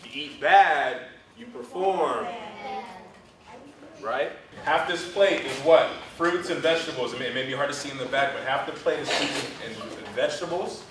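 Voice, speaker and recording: At a community center fitness camp, a man gives an energetic talk to children about nutrition, coaching them and answering his own questions. His pitch is fairly high at normal speed. The sound is roomy and distant from the mic, with crowd noise.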